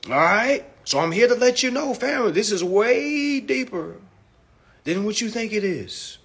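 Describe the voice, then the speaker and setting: A man's voice: high voice, animated, a little slow, vocal fry, a bit bright, husky. A drunk man delivering a preachy, profane ranting monologue, constantly checking in with "all right?". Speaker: consumer finance commentator.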